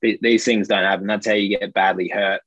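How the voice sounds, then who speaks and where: A man's voice: on the low side, level tone, brisk, a bit bright, dry recording, dull audio. A young Australian man telling a rambling anecdote in casual chat, full of fillers. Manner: rambling, filler-heavy, laughs between lines. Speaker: storyteller.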